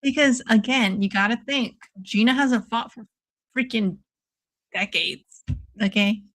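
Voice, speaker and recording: A woman hosting a casual watch-along stream, excitable and swearing freely, calling everyone "dude" while taking shots. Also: on the high side, a little slow. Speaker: livestream host.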